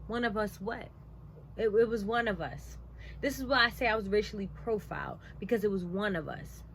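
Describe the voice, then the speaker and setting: A woman's voice: medium pitch, a little fast, slight background noise. A young woman vlogger telling a personal story in a casual, emphatic way, with a lot of "like" and "blah, blah, blah.". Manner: animated, emphatic, conversational; frequent "like" and "blah, blah, blah".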